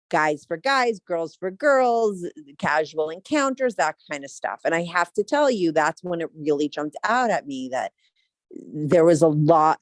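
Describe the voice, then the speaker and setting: A woman podcaster as a guest, telling stories in a lively, animated way. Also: low voice, no room sound. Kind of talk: interview answers.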